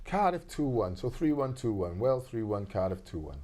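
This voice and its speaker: A man's voice: on the low side, very animated, normal speed, dark tone. A Welsh man talking football as a pundit in a casual, blokey debate. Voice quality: chatty, blokey.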